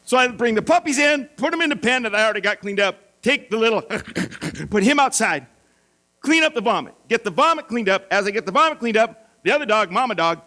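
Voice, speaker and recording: A middle-aged male pastor telling a self-mocking story in a sermon, animated and playful. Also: very high-pitched. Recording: mains hum.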